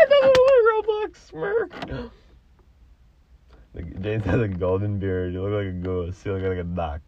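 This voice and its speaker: A young man filming a vlog inside a car, bickering with a friend, cursing freely and breaking into loud yelps. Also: lo-fi sound, slight background noise. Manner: swears a lot, erupts into loud yelps and squeaky outbursts. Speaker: vlogger. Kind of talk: casual bickering.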